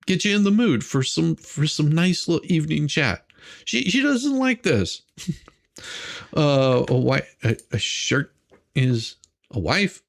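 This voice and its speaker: Gravelly mocking livestream host. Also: male voice, a little high, measured pace. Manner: rambling, mocking, laughs and repeats himself. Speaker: livestream host reacting to court drama. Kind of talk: casual commentary.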